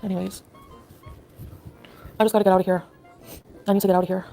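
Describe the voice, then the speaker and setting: A woman's voice: mid-range voice, flat delivery, quick pace, gravelly, warm tone, soft background music. A woman talking in a casual live chat, upset and rambling with lots of "like"s. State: distressed. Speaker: livestreamer.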